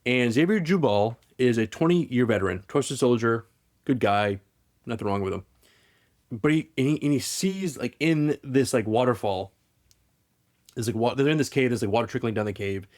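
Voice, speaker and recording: A man hosting a podcast, retelling a story in casual chat, rambling and animated with lots of restarts. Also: medium pitch, normal speed. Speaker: podcast host.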